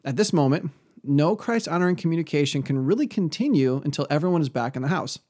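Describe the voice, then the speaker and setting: A man's voice: on the high side, lively intonation, fast, dark tone. A man giving an earnest, conversational Christian teaching on parenting, often quoting scripture. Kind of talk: earnest religious teaching talk.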